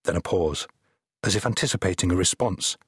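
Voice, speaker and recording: A male audiobook narrator with a wry, measured way of telling a story. His voice is low and husky, with a wide, lively pitch range. The recording is dry and close. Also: no echo. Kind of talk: scripted narration.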